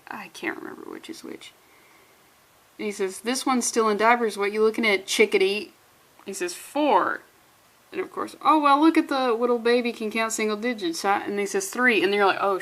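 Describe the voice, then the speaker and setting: A woman casually reviewing a comic book, excitable and rambling, with swearing and jokey asides. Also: a little high.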